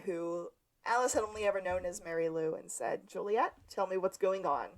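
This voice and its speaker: A woman co-hosting a podcast, walking through an episode's plot in a relaxed, chatty way. Her voice sits a little lower than most women's. She laughs easily between the story beats. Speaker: podcast co-host. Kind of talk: casual chat recapping a TV episode.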